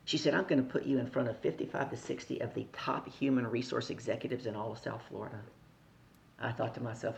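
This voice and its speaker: Gravelly-voiced woman telling a lively story. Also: extremely low pitch. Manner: animated storyteller, acting out quoted voices. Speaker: podcast guest, speaker. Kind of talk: storytelling in conversation.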